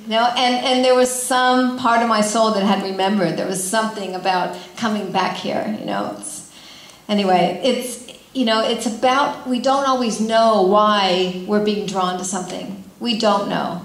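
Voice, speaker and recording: A middle-aged woman from California giving an inspirational talk to a gathering, chatty and animated, often asking the audience questions. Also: fairly high pitch, moderate pace. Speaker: spiritual speaker. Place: large room with an audience. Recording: echoey hall.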